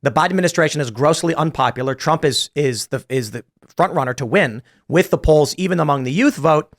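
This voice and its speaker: A man leads a casual panel discussion. His voice sits a little high, and he talks in loose, stumbling restarts. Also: fairly quick. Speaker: podcast host.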